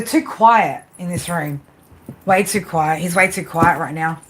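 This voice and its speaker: A woman's voice: lowish voice, measured pace, noisy background. A woman doing live tarot readings, chatty and rambling, often restarting her sentences. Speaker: tarot reader.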